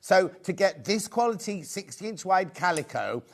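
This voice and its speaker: A man presenting a live TV shopping show, rambling and excitable as he pleads with viewers to buy. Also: high voice, normal speed, creaky. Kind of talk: live TV sales pitch. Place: TV studio.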